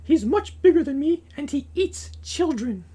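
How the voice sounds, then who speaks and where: A man doing a shrill, scolding giant housewife. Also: expressive, moderate pace, warm tone. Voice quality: high falsetto put-on. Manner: scolding, bossy. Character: stern giant woman, housewife guarding her kitchen. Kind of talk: storybook read-aloud.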